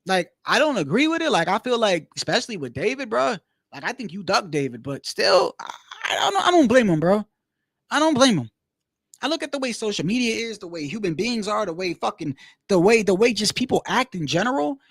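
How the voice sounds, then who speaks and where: High-voiced man ranting, dry close sound. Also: big pitch swings, a little fast, fairly bright tone, slightly rough, dry recording. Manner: profane, heated, repeats himself. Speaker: boxing commentary streamer. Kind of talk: casual ranting commentary.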